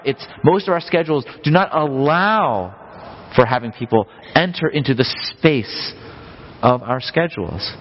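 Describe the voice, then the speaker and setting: Male pastor, animated conversational sermon, lively pitch, long hall reverb on a muffled recording. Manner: animated, conversational preaching with acted-out asides. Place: church sanctuary.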